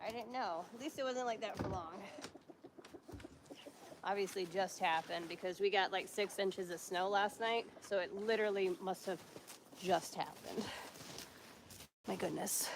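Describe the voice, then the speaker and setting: Woman livestreaming at her chicken coop, slow easy talk, noisy outdoor phone audio. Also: mid-range voice. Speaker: livestream host. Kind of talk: casual livestream chat. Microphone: handheld phone.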